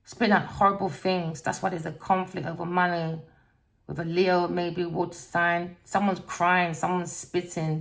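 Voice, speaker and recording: A woman's voice: fairly low pitch, fairly bright tone. A woman gives a collective tarot reading, talking bluntly and preachily, scolding her listeners with repeated words and swearing. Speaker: tarot reader.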